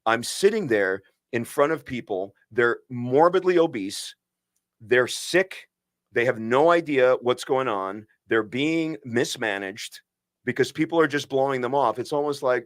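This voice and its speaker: A man's voice: medium pitch, animated, moderate pace, fairly bright tone, dry recording, studio quality. A man co-hosting a podcast as a physician, speaking earnestly and emphatically, often restarting his sentences. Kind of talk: impassioned podcast conversation.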